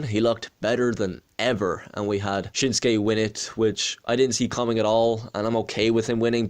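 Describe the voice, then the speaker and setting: A young Irish man in his twenties, hosting a casual question-and-answer vlog in a chatty, joking, self-deprecating way. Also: fairly low pitch. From Ireland. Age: 20s. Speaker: wrestling channel host.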